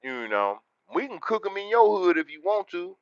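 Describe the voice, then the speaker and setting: A man's voice: high voice, very animated, dry recording. Man, livestream chat host, boastful street slang, dry muffled sound. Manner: loud, boastful street slang, repeats words in rapid runs. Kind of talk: casual livestream chat, reading the chat.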